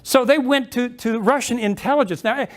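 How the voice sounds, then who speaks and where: A man's voice: extremely high pitch, fairly quick. A middle-aged man and former intelligence officer giving an emphatic talk to an audience, asking rhetorical questions. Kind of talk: speech to an audience.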